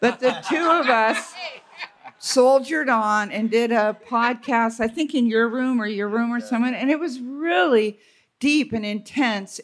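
Woman on a retreat stage, bit high voice, candid self-deprecating storytelling, lots of restarts. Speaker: retreat speaker. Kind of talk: live onstage storytelling. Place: stage at a live retreat before an audience.

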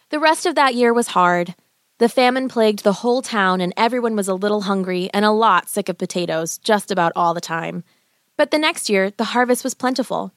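A woman narrating a fairy tale as a bedtime story, in an expressive, gentle, animated way. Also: mid-range voice, dry recording, studio quality.

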